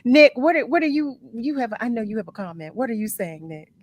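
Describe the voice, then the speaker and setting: A woman's voice: fairly high pitch, fairly quick, no room sound. Candid, laughing woman radio host. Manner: animated, laughs often, candid storytelling. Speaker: radio talk show host. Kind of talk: casual chat. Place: broadcast studio.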